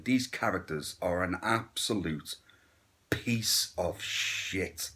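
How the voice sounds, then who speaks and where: A man's voice: mid-range voice, fairly bright tone. A man giving a casual, blunt and crude horror movie review, with sarcastic asides.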